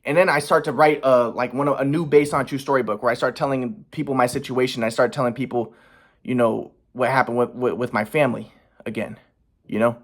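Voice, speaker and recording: A man's voice: mid-range voice, steady tone, fairly quick. A young man in a casual confessional vlog, rambling and agitated, swearing often with many restarts. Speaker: vlogger.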